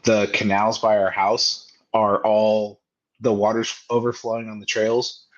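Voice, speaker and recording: A fairly low-voiced man co-hosts a casual podcast from a remote call, meandering through his points with plenty of "like" and "you know." The audio comes through dull and lo-fi, with the top end muffled. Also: flat delivery, a little slow. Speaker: podcast co-host. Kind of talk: casual chat.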